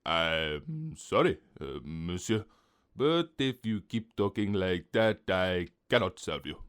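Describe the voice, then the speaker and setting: A man voicing a smartly dressed, formal French waiter in an animated story. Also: deep voice, slow pace, clean tone, exaggerated voice. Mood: taken aback.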